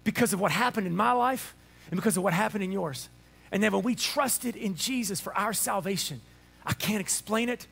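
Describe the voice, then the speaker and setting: A man preaching an Easter sermon to a church congregation, animated and playful, acting out little voices for laughs. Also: sits high, fairly quick, vocal fry, husky. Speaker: pastor. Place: church sanctuary before a congregation.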